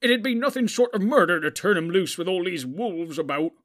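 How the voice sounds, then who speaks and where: A man voicing a stubborn, loyal young male hobbit servant who pleads in a raised, higher voice. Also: brisk. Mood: protesting. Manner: pleading, high and loud. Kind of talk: audiobook character voice.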